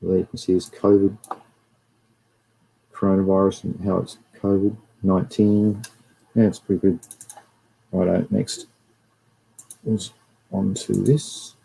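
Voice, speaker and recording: A man's voice: sits low, flat delivery, measured pace, gravelly, pauses often, mellow, breathy edge, rough recording. An Australian man hosting a livestream and giving a casual, rambling talk over slides while greeting viewers. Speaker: livestream host.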